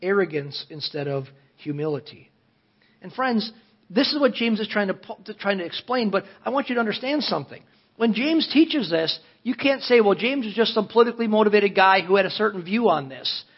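A pastor delivers a sermon in a high, husky, expressive voice at a brisk pace. He reads long passages of scripture and puts earnest questions to the congregation, his voice rising emphatically. The audio is dull and lo-fi.

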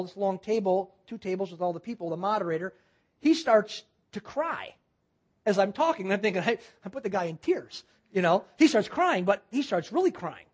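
Minister, sermon anecdote, earnest, mid pitch, restarts a lot. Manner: earnest, halting with frequent restarts. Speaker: guest minister. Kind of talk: sermon storytelling.

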